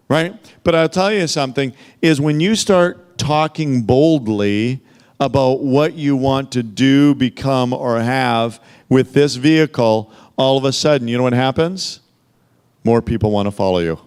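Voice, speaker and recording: Speaking at a normal pace, this man's mid-range voice is clear, resonant, and slightly dark. Holding a handheld microphone, he leads a motivational sales session, pressing his points hard and sprinkling in rhetorical questions like "okay?" and "right?"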